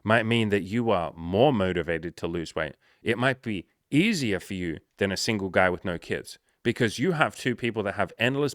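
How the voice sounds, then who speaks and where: Male life coach, lowish voice, brash and profane, dead-dry close mic. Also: no room sound. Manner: animated, swears often, acts out dialogue with rising energy. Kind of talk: casual coaching monologue.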